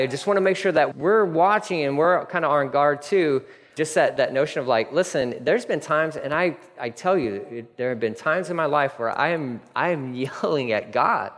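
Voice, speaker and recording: Earnest preacher in a reverberant hall. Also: male voice, on the high side. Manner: earnest, conversational preaching with soft apologetic asides. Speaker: pastor. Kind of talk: sermon.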